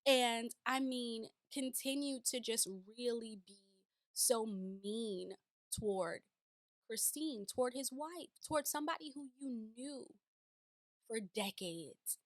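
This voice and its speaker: A woman's voice: a little high, slow, no echo. Emphatic woman reviewing reality TV. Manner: animated, emphatic, rhetorical questions. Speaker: reality TV commentator. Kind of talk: casual reaction commentary.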